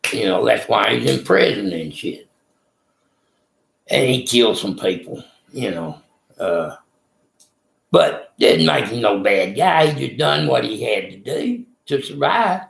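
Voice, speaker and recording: Gravelly guy rambling through a cussing story, sounds like an echoey room. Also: mid-range voice. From Texas. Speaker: storyteller recounting prison time.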